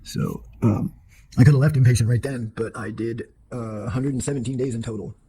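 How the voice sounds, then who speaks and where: A man's voice: medium pitch, fairly even intonation, brisk, mellow, slight background noise, rough recording. A man telling his life story in an interview, blunt and profane, rambling with fillers and restarted sentences. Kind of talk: candid personal storytelling.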